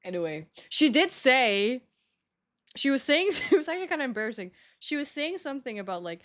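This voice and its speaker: A woman's voice: high voice, very animated, a little fast, a bit bright. A young woman streaming, chatting casually to her viewers, self-mocking and laughing often as she acts out conversations.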